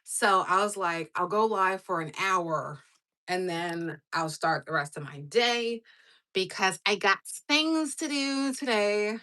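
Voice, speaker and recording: A woman's voice: medium pitch, slow, bright, forceful tone. A woman hosting a casual livestream, rambling with lots of fillers while she does her nails and chats with viewers. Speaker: livestream host.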